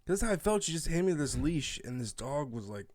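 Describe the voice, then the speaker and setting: A man co-hosting a casual podcast, telling an animated story, acting out quotes and laughing often. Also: on the high side, fairly quick, no echo, clean studio sound. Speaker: podcast co-host. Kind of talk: casual chat.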